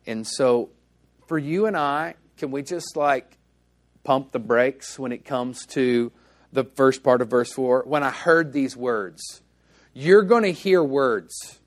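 In a church, a male pastor delivers a sermon at a slow pace and medium pitch, telling stories in a casual, conversational way and acting out the dialogue himself.

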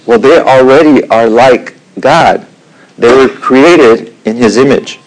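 A middle-aged man teaching a Bible lesson in an unhurried way, with frequent fillers and the odd throat clearing. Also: medium pitch, low-quality recording.

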